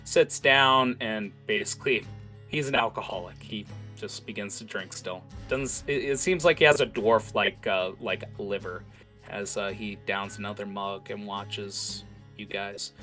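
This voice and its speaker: A man's voice: lowish voice, measured pace, bright, forceful tone, soft background music. A man narrating a tabletop game as game master, casually and with many fillers.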